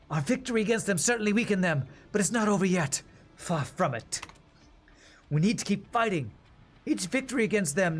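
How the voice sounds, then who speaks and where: A man doing a spirited young train mechanic woman. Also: high voice. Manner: brisk, bossy lines with a put-on accent.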